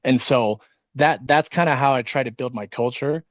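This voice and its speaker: Jittery team-leader guy on a video call, rapid casual talk with lots of swearing, mid-pitched voice, dry and a bit dull audio. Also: dry recording. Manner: fast, casual, swears often. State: nervous and wired on caffeine. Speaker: insurance sales team leader. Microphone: video call microphone.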